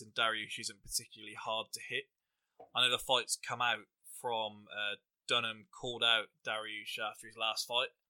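A young English man with a fairly low-pitched, sharp voice hosts a podcast. He rambles through funny anecdotes and fight predictions in a casual chat, laughing as he talks.

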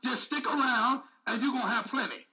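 A man's voice: very high-pitched, brisk, creaky, pushed and bright, far from the mic, rough recording. A man preaching a sermon with speech, repeating phrases and calling out to the congregation. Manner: call-and-response preaching, repetitive, emphatic.

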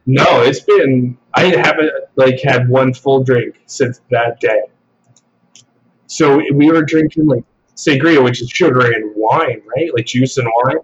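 A man telling an embarrassing story on a podcast in a relaxed, casual way, swearing freely. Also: mid-range voice, measured pace, lo-fi sound, a crowd in the background. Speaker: podcast guest.

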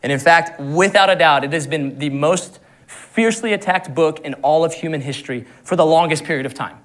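Earnest young male preacher, fairly high voice. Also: a little fast, fairly bright tone. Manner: earnest, laughs often at his own stories. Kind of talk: sermon.

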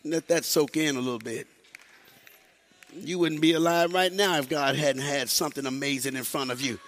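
A male pastor preaching a sermon, moving from quiet, slow talk to shouted, sing-song exhortation and calling on the congregation to answer. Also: fairly high pitch, faint music behind. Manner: calls on the congregation to respond.

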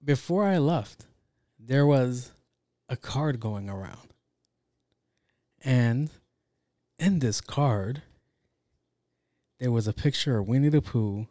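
Brief: young New guy, cursing slangy storyteller, mid-pitch, dry close sound. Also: slow pace, long pauses, dry recording. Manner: profane, slangy, animated with acted quotes. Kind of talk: casual chat, telling a work story.

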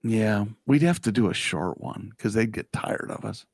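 A man's voice: lowish voice, animated, normal speed, creaky, no echo. A middle-aged man co-hosting a podcast in casual chat, jokey and teasing. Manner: jokey, teasing, laughs often. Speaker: podcast co-host.

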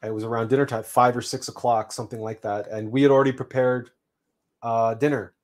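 A man hosting a livestream, telling a personal story in an unhurried, reflective way with frequent restarts. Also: mid-range voice, level tone, a little mellow. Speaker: livestream host.

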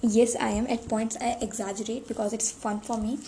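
A woman's voice: fairly high pitch, level tone, fairly quick, warm tone, rough recording. A young adult woman hosting a solo podcast, rambling and self-deprecating with many restarts. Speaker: podcast host. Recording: faint background noise.

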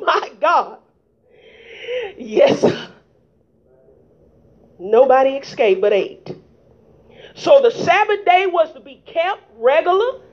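A woman preacher delivering a fervent sermon into a microphone in a church, calling out to the congregation with rhetorical questions, in a dull lo-fi recording. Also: high-pitched. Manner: fervent call-and-response, rhetorical "huh?". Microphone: handheld microphone.

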